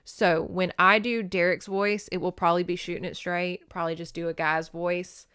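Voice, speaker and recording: A woman's voice: lowish voice, flat delivery, normal speed, sharp tone, clear, resonant tone, dry recording, studio quality. A young woman hosting a casual podcast where she recaps an old novel, chatty and giggly, swearing freely. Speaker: podcast host.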